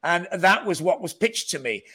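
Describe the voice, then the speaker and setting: A man with a Welsh-Scouse accent and a bright, forward tone that sits a little high. He tells his stories as an animated, self-mocking guest, with frequent restarts. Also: moderate pace, breathy edge. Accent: Welsh-Scouse blend. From North Wales near Liverpool. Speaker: guest actor. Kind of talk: casual interview chat.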